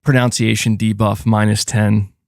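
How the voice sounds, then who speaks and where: A man hosting a casual gaming live stream, reading and answering super chats in a chatty, animated way with frequent fillers. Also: fairly low pitch, moderate pace, gravelly, dry recording, studio quality. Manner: chatty and animated, thanks donors, frequent fillers and self-corrections. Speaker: gaming channel host.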